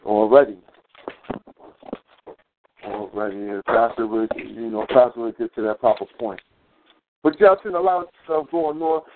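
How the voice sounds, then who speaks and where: A man's voice: medium pitch, expressive, moderate pace, slight background noise. A male host rambles through a heated, profane story in a casual live talk. His voice sits in a middle range. The audio is thin and phone-like. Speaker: show host. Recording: tinny phone-quality audio.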